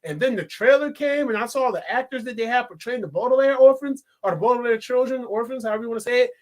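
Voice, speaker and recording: A man's voice: extremely high pitch, fast. A young adult man reviewing a movie in a casual, rambling monologue, full of joking asides and restarts.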